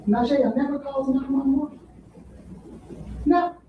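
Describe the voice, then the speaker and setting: A defense attorney, a woman with a high voice, speaks a little slowly in her courtroom opening statement, stressing "you'll hear" repeatedly to the jury. The distant, echoey audio has a phone-quality sound and a little hiss or hum.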